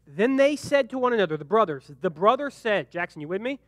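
A young man leading a youth group Bible lesson, joking and animated, briefly acting out the characters in the story. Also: sits high, dry recording. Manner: animated and joking, acts out quick character voices. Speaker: youth pastor.

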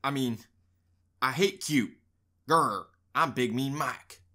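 A woman voicing a big, tough, grumpy male dog in a storybook read-aloud, with a gruff, growling voice. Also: very deep voice, slow pace, sharp tone, voice pushed down, heavily acted.

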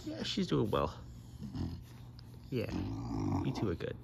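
A man filming his dogs at home, chatting casually and slipping into playful baby talk that jumps up high. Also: huge pitch swings, slow. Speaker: dog owner filming his pets. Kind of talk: casual home video chat. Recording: home video with clear background noise.

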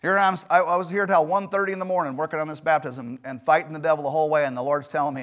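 Male pastor, high voice, emphatic sermon in a church, swings loud and soft. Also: steady tone, rapid-fire, few pauses. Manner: emphatic preaching with rhetorical questions and sudden loud swings. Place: church sanctuary.

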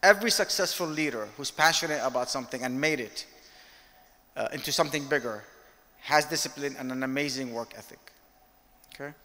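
A man giving an interactive leadership lecture, talking candidly and telling animated stories with direct questions to the audience. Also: mid-range voice, fairly quick. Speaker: guest speaker, company director. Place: lecture hall, filmed. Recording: long hall reverb.

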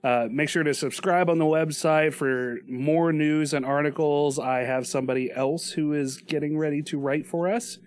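A man's voice: a little high, fairly even intonation, normal speed, hardly any pauses. A man co-hosting a podcast in casual chat, joking and rambling with restarts and laughs. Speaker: podcast co-host.

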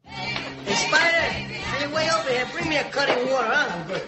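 A man's voice: extremely high pitch, lively intonation, brisk, over loud music, a loud crowd. An actor playing a hot-tempered male mobster who taunts and curses with laughing menace, in a film clip. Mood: demanding. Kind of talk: film dialogue. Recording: film clip in a loud crowded bar.

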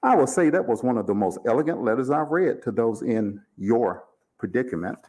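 A man's voice: medium pitch, lively intonation, darkish tone, husky. A man doing a coolly menacing mortician. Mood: cool menace. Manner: measured, formal, coolly amused. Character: calm, cold-blooded older male mortician, polite and menacing.

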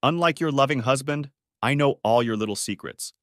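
A man reading an audiobook, voicing an older mother who scolds sharply and loudly. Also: medium pitch, a little fast, no echo, clean studio sound, voice pushed up, lightly acted. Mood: angry. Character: older mother, fierce and protective.

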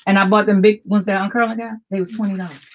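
A woman's voice: mid-range voice, fairly even intonation, quick pace, a little hiss or hum. An older woman hosting a live jewelry sales stream, chatting with viewers and repeating item codes.

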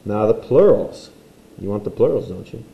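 A man's voice: on the low side, expressive, normal speed, gravelly, echoey room, highs cut off. A man teaching a recorded language lesson, playful and explaining while he draws.

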